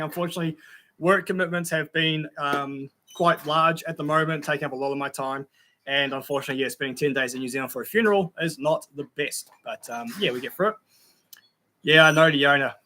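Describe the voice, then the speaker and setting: A man's voice: fairly high pitch, bright, forceful tone, slight background noise. A young man hosting a casual livestream, reading out viewer comments in a chatty, laid-back way with frequent ums and laughs.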